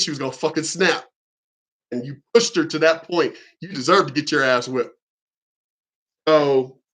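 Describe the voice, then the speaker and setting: A man in his forties rants on his commentary channel, swearing constantly and telling stories with heat. His voice sits a bit higher than most men's. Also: fairly bright tone. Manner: profane, heated, storytelling. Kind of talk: ranting video commentary.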